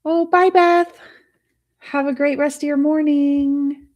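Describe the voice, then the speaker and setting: A woman's voice: high voice, fairly even intonation, takes it slowly, a little mellow, highs cut off. A woman hosting a live tutorial stream, chatting casually with viewers, laughing often and thinking aloud as she works. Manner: thinks aloud while working on screen. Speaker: host of a live art studio stream.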